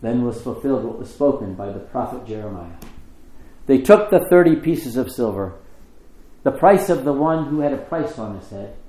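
A man giving a measured, expressive liturgical scripture reading in a church. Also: medium pitch, echoey room, low-quality recording. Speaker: scripture reader.

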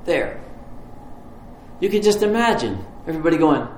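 A man's voice: fairly high pitch, very animated, moderate pace, a little mellow, a little hiss or hum. A man preaching a sermon as pastor, telling stories in a conversational, vivid way. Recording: roomy hall, faint ambience.

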